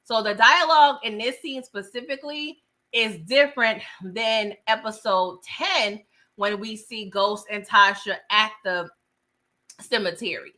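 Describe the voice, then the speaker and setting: A woman's voice: fairly high pitch, a little slow, pushed and bright. A young woman chatting casually through a TV episode recap on a livestream, laughing and greeting viewers by name. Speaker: TV show recap host.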